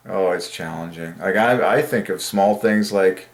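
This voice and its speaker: A man giving a casual, earnest reflection on the Bible, rambling and candid, often laughing and saying "like.". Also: sits low. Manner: earnest, emotional. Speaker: Christian video maker.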